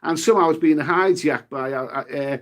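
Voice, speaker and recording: A man's voice: a little high, moderate pace. A middle-aged man hosting a live stream, chatting casually with the viewers in a rambling way, with casual swearing and repeated words. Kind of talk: casual chat reading the live chat.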